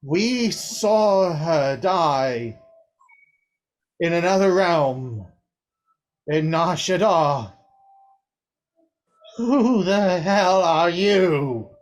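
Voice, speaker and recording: A man voicing a proud, stern high elf noble father who speaks slowly and emphatically. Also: breathy edge. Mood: hostile. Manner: haughty, slow, emphatic.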